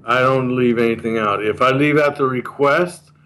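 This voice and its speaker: A guest in a casual interview earnestly describes a communication method, restating the key points. He has a mid-range, slightly bright voice at normal speed, and the audio is poor.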